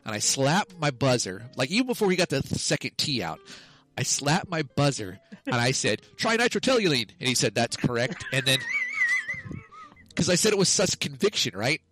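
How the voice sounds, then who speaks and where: On a casual comedy podcast, this male co-host's medium-pitched, fairly bright voice swoops wildly at a moderate pace over a low-quality recording. His long story rambles and self-corrects as he loses the thread and laughs at himself.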